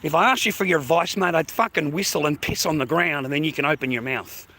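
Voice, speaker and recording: A man livestreaming, ranting angrily at his viewers, swearing a lot and repeating himself, sometimes dropping to a low quiet menace. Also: fast talker. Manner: swears constantly, repeats phrases, berates viewers; drops low and quiet when threatening. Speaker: livestreamer talking to his chat. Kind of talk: angry rant to chat.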